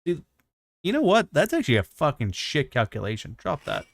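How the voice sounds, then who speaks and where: A creaky-voiced man streams a video game, talking fast with a slightly high pitch that swings wildly. He rants profanely and pokes fun at himself in casual chat.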